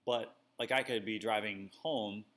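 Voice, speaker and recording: A man's voice: lowish voice, steady tone, unhurried, a bit bright. A man co-hosting a casual talk show, rambling and self-deprecating with lots of fillers. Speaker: podcast co-host. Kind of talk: casual chat.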